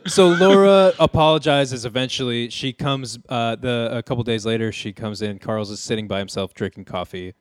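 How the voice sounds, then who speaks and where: A man hosting a comedy podcast, retelling episodes in a dry, deadpan way. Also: mid-range voice, moderate pace, few pauses, no echo. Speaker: podcast host. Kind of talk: casual comedic recap.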